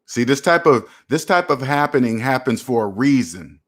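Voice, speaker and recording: A man with a mid-range voice and lively intonation talks at a moderate pace. On his personal finance channel he gives a motivational livestream, speaking straight to viewers with preachy emphasis and lots of repetition.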